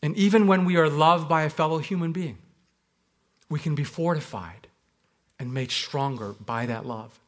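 A Canadian pastor with a slightly high voice preaches a sermon. He tells personal stories reflectively and slows down on key words.

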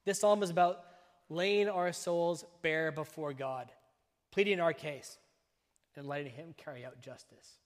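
A somewhat high-voiced male pastor delivers a sermon in slow, weighted phrases, pausing between each point for emphasis. His voice rings through a church hall with a long, lingering reverb.

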